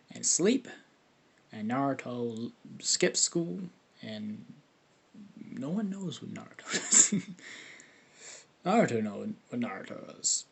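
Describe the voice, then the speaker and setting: A man's voice: medium pitch, slightly rough. Man rambling through an improvised fan story. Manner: rambling, many fillers and restarts.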